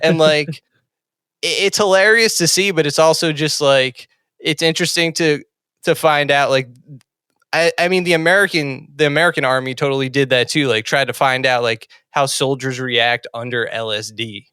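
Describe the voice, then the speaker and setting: A man with a bright, crisp voice co-hosts a podcast in loose casual chat. He rambles through stories with many filler words, and the recording is close and dry. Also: on the high side, steady tone, normal speed, dry recording. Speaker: podcast co-host.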